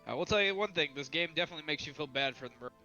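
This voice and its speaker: A man's voice: on the high side, expressive, rapid-fire, bright, forceful tone, highs cut off, soft background music. A man on a casual live game stream who reads character lines aloud in a playful way and laughs often. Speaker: streamer reading game dialogue.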